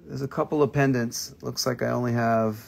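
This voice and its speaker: This live-stream crystal seller has a gravelly, darkish, medium-pitched voice with a steady tone and a fairly quick pace. Chatting casually and cursing freely, he reads out comments from viewers. As he holds up items, he stops to count and name them.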